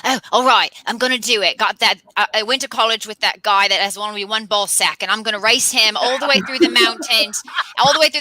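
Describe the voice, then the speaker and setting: A high-voiced woman rambles through an improvised comic story, crude and animated. Her tone is very bright and ringing, heard over a video call. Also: fast talker, dry recording, poor audio. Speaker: comedian contestant.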